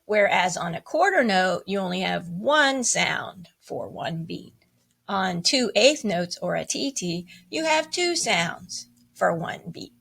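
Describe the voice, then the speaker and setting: A woman's voice: fairly low pitch, big pitch swings, takes it slowly, creaky, a bit bright, husky. A woman teaching a music lesson, encouraging as she counts and chants rhythms aloud.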